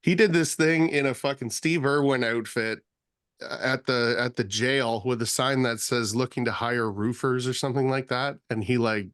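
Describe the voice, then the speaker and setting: Animated man in casual banter. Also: mid-range voice, normal speed, clear, resonant tone, dry recording, clean studio sound. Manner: animated, swearing, laughing banter. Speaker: podcast guest. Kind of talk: casual chat.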